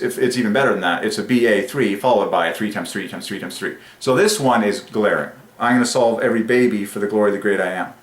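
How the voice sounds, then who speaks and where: A man hosting a religious numerology channel, speaking in an excited monologue that swings between rapturous bursts and quiet musing. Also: on the low side, roomy sound.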